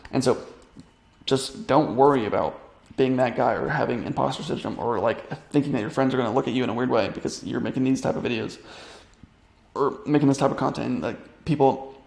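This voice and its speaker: A man's voice: mid-range voice, fairly quick, creaky, darkish tone, reverberant. A young man coaching online business, talking through a casual screen-share tutorial in a rambling way, with many fillers and restarts.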